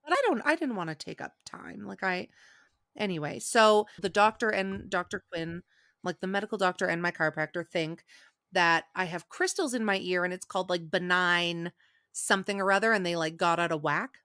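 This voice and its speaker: Woman podcaster, bright voice, dry close sound, chatty storyteller, does little voices for people. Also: lowish voice, moderate pace, clean tone, no echo. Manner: animated storyteller acting out quotes. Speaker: podcast host. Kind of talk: casual chat.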